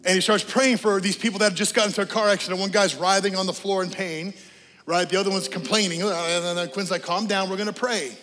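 A high-pitched man preaches a sermon from the pulpit, moving from animated storytelling to a soft, prayerful invitation. His voice carries a long church reverb, with faint music underneath. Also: fast talker. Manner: animated storytelling, then a quiet prayerful altar call. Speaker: pastor. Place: church sanctuary.

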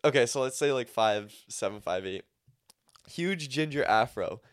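A young man with a mid-pitched voice, chatting casually on a podcast, loose with slang and curse words. The sound is dry and close to the mic. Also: animated, moderate pace, smooth, dry recording. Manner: laid-back slang, frequent "bro", swearing. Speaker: podcast co-host. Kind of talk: casual chat.

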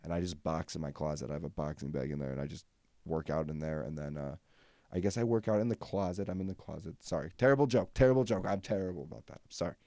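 A man's voice: very deep voice, fast, warm tone, no room sound. A young man hosting a comedy podcast alone, rambling through stories with lots of fillers and self-deprecating jokes. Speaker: podcast host. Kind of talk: solo comedic rant.

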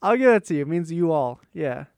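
Young pittsburgh guy, smooth kinda high voice, easygoing, dry mic. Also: sing-song, fairly quick, darkish tone, no room sound. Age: young adult. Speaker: co-host. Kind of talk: casual chat.

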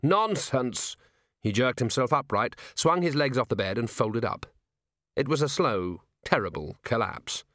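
A man narrating a comic fantasy novel in a measured, wry manner. His voice sits at a middle pitch, recorded close and dry with no room sound. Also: expressive, a bit bright, dry recording. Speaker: audiobook narrator. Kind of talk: scripted narration.

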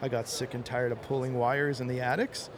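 A man's voice: mid-range voice, a little fast. A man from the Montreal area, a contractor, telling rambling stories in a casual interview and often tossing in "okay" and "like". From Montreal area, Canada. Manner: animated, rambling storyteller, fills with "okay" and "like". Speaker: contractor guest. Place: trade show floor. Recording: crowd noise of a busy trade show. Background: crowd chatter.

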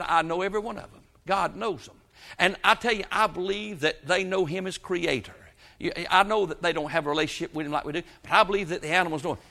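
A man preaching a sermon, his voice bright and pitched a little high. He tells homely stories and calls out amens as he goes. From South Georgia, US. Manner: folksy storytelling with frequent amens. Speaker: pastor.

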